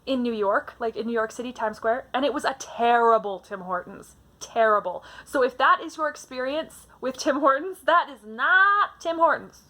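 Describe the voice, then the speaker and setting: Bright-voiced young woman chatting about books. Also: a little high, normal speed, hardly any pauses. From Canada. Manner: chatty, animated, many fillers. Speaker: book vlogger. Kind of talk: casual book tag chat.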